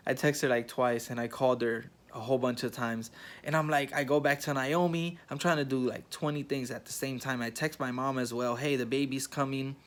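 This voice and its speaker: A man's voice: mid-range voice, a little fast. A young man vlogging, telling a personal story to his viewers in a casual, rambling way with lots of fillers and restarts. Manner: animated, rambling retelling with many fillers and restarts.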